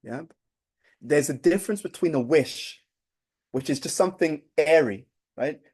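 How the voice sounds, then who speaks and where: A man's voice: a little high, lively intonation, a little slow, darkish tone, breathy edge. A man giving an informal spiritual talk, speaking conversationally, often restarting phrases and checking in with "right?".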